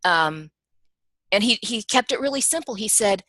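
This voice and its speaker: A woman teaching in a loose, conversational webinar, her delivery punchy and emphatic. She keeps addressing her listeners directly in a chatty, animated way. The sound is dry, with no room echo. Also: medium pitch, moderate pace. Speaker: teacher and professional analyst.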